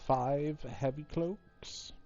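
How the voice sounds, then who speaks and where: Casting: a man as game master, dark gravelly voice, rambling, on a slightly dull lo-fi mic. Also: on the high side, steady tone, drawn-out words, faint music behind. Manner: rambling, filler-heavy. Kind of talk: tabletop game narration.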